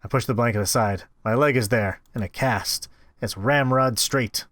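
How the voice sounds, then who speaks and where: A man reading a visual novel aloud as a game host, expressive with wry asides. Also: medium pitch, normal speed, no room sound. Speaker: let's-play host.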